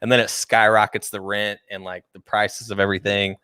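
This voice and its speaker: A young man with a low voice, chatting loosely on a podcast. He jokes easily and often loses his thread mid-sentence, and the recording is close and dry with no room sound. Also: little pitch movement, a little fast, bright, forceful tone, smooth, no echo. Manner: laid-back, jokey, trails off mid-sentence. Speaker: podcast co-host. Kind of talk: casual chat.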